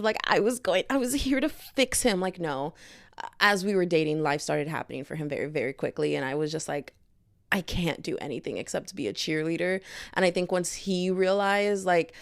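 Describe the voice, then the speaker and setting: A young woman hosting a podcast in casual chat, gushing and animated, with lots of "like". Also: lowish voice, no echo, studio quality. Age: young adult. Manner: gushing, animated, heavy filler "like". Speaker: podcast host. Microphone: headphones on, podcast mic.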